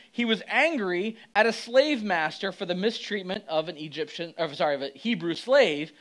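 A male pastor giving a conversational, animated sermon, acting out quotes as he goes. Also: high voice, poor audio.

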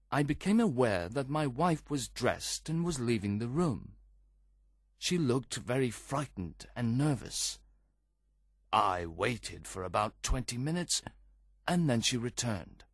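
A man reads a first-person story with expressive storytelling. His pitch moves in a lively way through each line. The recording is dry and close. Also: a little slow, no echo. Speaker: audiobook reader. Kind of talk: scripted first-person narration.

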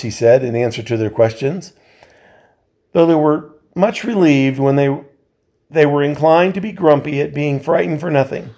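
A man, a volunteer reader, reading a novel aloud in a measured way, with occasional slips he corrects. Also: fairly high pitch, mellow.

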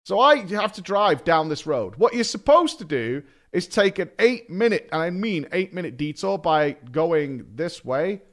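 A man's voice: sits high, fairly bright tone. A British man streaming a game, telling a rambling story with lots of swearing. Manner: rambling, swears often, self-mocking. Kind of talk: casual storytelling while gaming.

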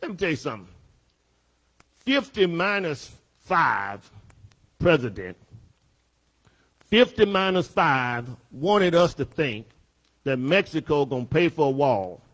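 A man, a pastor teaching a Bible study lesson, emphatic, repeating his phrases and rising at times to a shout. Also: a little high, sing-song, takes it slowly, pauses often. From Southern United States.

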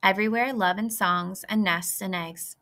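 A woman reading a children's book aloud in a clear, lively way. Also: mid-range voice, moderate pace. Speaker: reader. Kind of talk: storybook read-aloud.

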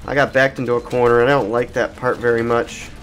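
A man's voice: medium pitch, flat delivery, quick pace, a bit bright, faint music behind. An adult man hosting a let's play, telling a meandering, profane, jokey story while he plays. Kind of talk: rambling gaming commentary.

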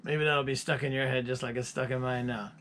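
A man's voice: medium pitch, fairly even intonation, a little fast, a bit bright. A musician chatting casually to his viewers, rambling through stories with chuckles. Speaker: musician presenting his album.

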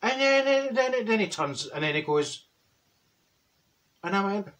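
A man's voice: high voice, sing-song, measured pace, a bit bright, exaggerated voice. A man playing a straight-talking older Glaswegian woman, telling a comic story in a broad, chatty Glaswegian Scottish accent. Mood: gossipy. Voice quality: broad, chatty, full of "wee" and "right?". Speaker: comic character monologue.

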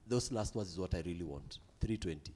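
A man hosting a relaxed Christian youth discussion, who laughs easily and slows into a drawn-out preaching cadence. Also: low voice, slightly rough. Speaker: host.

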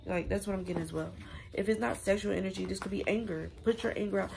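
A woman's voice: mid-range voice, fast, creaky, a little mellow, slight background noise. A woman giving a casual spiritual reading, chatty and affirming, speaking straight to her viewers. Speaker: tarot reader.

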